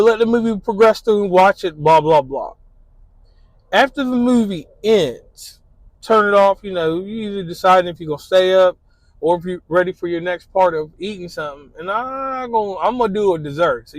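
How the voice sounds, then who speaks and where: A man's voice: sits high, dry recording, low-quality recording. A man talking casually in a laid-back, slangy way, full of "you know" fillers, as he describes his ideal date. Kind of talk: casual spoken monologue.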